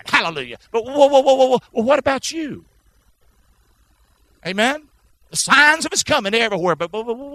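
A man's voice: high voice, bright, forceful tone, no room sound, rough recording. A man preaching a sermon, emphatic, often asking the congregation to answer or repeat after him. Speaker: pastor.

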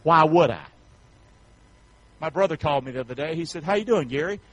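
Preaching his folksy sermon, a pastor from North Carolina with a Southern accent calls for amens from the congregation and swings from shouts to soft asides. His voice sits on the high side, expressive and brisk, and the audio has no echo but is poor.

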